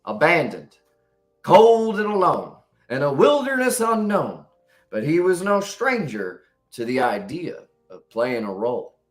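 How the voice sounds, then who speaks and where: A man putting on an old cowboy voice to recite a dark poem, with a slow, dramatic drawl. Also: fairly high pitch, sing-song, soft background music, pitched above the performer's own voice. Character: old cowboy storyteller at a campfire.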